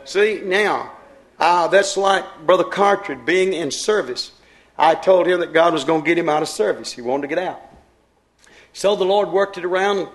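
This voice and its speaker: Fervent folksy male preacher, slightly high. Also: normal speed, rough recording. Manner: emphatic, folksy preaching with dramatic drops in volume. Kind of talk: fervent storytelling sermon.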